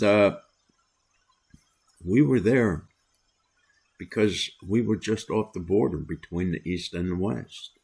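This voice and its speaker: An older American man hosting a solo commentary, talking in a deliberate, opinionated way with many "uh" pauses. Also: low voice. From United States. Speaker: commentary host.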